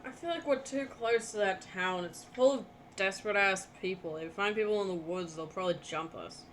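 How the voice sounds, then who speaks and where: A woman's voice: medium pitch, fairly quick, a little hiss or hum. A woman playing in a tabletop game, talking in a blunt, grumpy manner. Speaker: player. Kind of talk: tabletop play.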